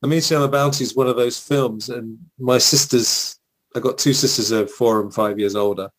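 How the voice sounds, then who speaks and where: An English-accented man co-hosts a film podcast, rambling through nostalgic stories at a middle pitch. He strings his thoughts together with fillers and restarts. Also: fairly even intonation, brisk, poor audio. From England. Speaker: podcast co-host. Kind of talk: casual chat.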